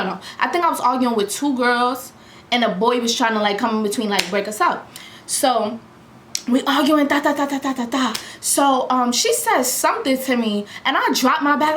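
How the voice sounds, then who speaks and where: A young woman tells a heated story in a casual, slangy voice that sits a little high. She jumps into loud put-on quotes of everyone involved. The room around her rings with echo under a faint hum. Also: quick pace. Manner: animated, slangy, acts out quotes loudly. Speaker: vlogger. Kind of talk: storytime vlog.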